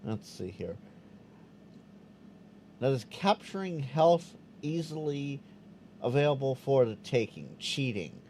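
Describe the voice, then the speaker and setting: A man chats through a live question-and-answer stream, his pitch bouncing around in a lively, expressive way. He stumbles into quick restarts and slips into little acted-out quotes. A faint hum of room noise sits under his voice. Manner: animated, stammering restarts, acts out quoted voices. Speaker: livestream host answering chat questions. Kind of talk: casual live Q&A chat.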